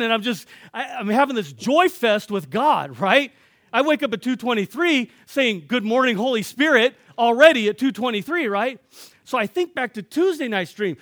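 Brief: male preacher with a very high voice, excitable sermon storytelling, bone-dry sound. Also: dry recording. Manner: excitable, laughing, bursts into shouts.

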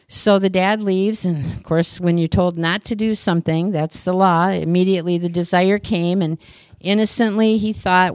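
A woman's voice: on the low side, fairly even intonation, moderate pace, a little mellow, clean tone, no room sound, clean studio sound. A woman preacher giving a sermon, earnest, repeating phrases for emphasis and telling stories.

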